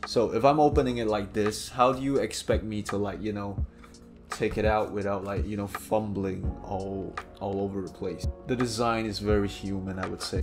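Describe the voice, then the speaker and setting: A man giving a casual, rambling product review, talking to the camera with lots of filler phrases. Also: lowish voice.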